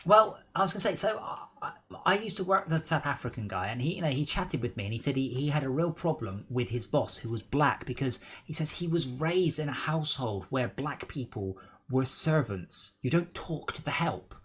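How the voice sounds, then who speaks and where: A man's voice: mid-range voice, expressive, brisk, fairly bright tone, husky. A man in blunt, teasing banter while playing a game on stream, often stumbling over his words. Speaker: gaming stream regular.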